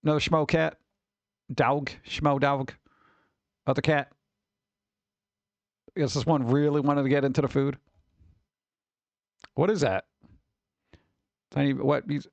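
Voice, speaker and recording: Male streamer, higher-pitched, rambling casual chat, dry sound. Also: unhurried, gravelly, long pauses, dry recording. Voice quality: scratchy vocals at times. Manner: rambling, wry, reacts to chat and pictures.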